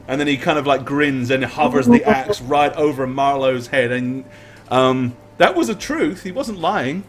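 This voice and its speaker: A man running a tabletop game as game master, narrating in a lively, joking way. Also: mid-range voice, measured pace, slight background noise.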